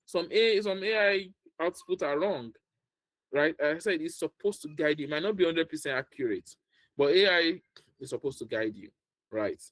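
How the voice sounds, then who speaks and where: A man with a Nigerian accent coaching a group on a video call, with a direct, repetitive and animated way of talking. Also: a little high, moderate pace, no room sound, poor audio. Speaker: career coach. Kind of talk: online training session.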